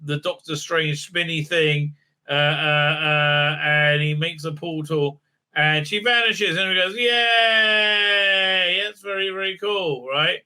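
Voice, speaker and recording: A man's voice: on the high side, steady tone, unhurried, pushed and bright. A man rambling through a casual, sarcastic review recap, full of filler sounds and digressions. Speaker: YouTube reviewer.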